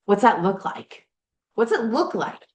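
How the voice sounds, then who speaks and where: A woman's voice: medium pitch, very animated, a little slow. A woman life coach and podcast host talking frankly and animatedly, now and then swearing, while working on projects in her garage. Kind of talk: candid motivational chat. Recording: roomy echo.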